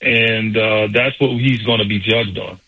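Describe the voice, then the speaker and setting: A man's voice: fairly low pitch, steady tone, measured pace, sharp tone, slightly rough, no room sound, poor audio. A male basketball analyst on the radio, talking through his analysis in a conversational way with recaps and fillers.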